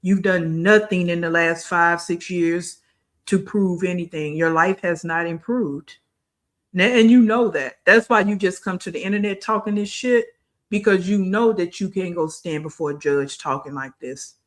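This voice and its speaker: A man's voice: high-pitched, normal speed. A man hosting a reaction video, giving blunt, mocking commentary on played clips.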